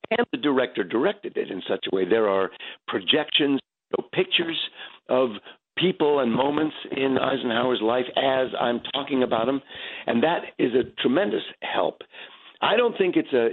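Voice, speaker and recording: A man's voice: medium pitch, vocal fry, breathy edge. A man in his seventies, a stage actor, talking reflectively in an interview and often restarting his sentences. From United States. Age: 70s. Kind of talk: interview over the phone. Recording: tinny phone line.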